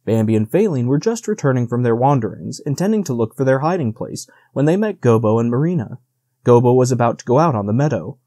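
A man narrating an audiobook in a measured, steady reading. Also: mid-range voice, no room sound, studio quality.

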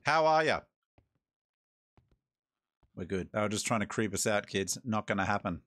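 A man's voice: on the low side, steady tone, quick pace, fairly bright tone, dry recording. An Australian man giving laid-back, joking commentary while playing a horror game, talking to himself as he goes. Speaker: gaming host. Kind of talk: let's-play commentary.

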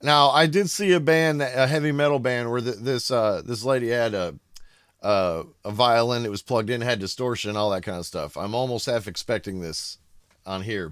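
An excitable American man hosting casual reaction commentary at home, bursting into shouts of amazement. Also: mid-range voice, no room sound, clean studio sound. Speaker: reaction video host. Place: home room.

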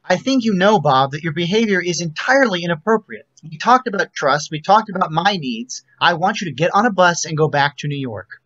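A man's voice: high voice, expressive, fairly quick, few pauses, fairly bright tone, muffled recording. A man reading a stiff, exasperated male psychiatrist who speaks in a firm, clipped, controlled way, over a video call. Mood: stern.

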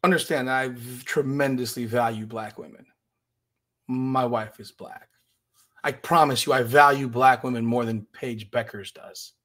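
A man's voice: mid-range voice, steady tone, normal speed, a bit bright. A man hosting a podcast, giving emphatic, indignant commentary and often repeating himself. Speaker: podcast host. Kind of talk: opinionated commentary.

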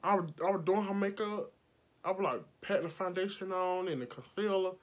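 Under bright indoor lights, a sweating woman makeup artist shares a storytime vlog in a brisk, mid-range voice. She's blunt and profane, and she acts out every quote.

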